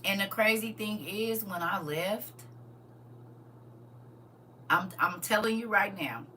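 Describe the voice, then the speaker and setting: A woman speaks in with a bright, forceful voice. She talks straight to her livestream viewers, emphatic and preachy. A faint hum sits behind her. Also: medium pitch, slow. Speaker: livestream host. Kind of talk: casual livestream talk.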